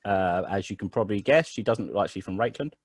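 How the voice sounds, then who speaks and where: A man's voice: on the low side, lively intonation, fast talker, no room sound. A man narrating as game master of a tabletop game online, talking loosely with frequent ums and restarts. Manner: rambling, many fillers and restarts.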